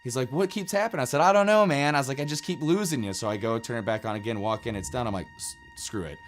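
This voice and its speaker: A middle-aged man telling his own ghost story in a casual, animated way, with many fillers and restarts. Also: mid-range voice, quick pace, soft background music.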